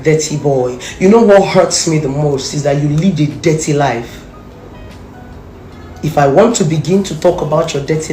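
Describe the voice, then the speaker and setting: A woman's voice: low voice, mellow. Scolding Nigerian woman in an echoey room. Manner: scolding, confrontational, repeats insults for emphasis. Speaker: social media commentator. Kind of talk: angry direct-to-camera rant.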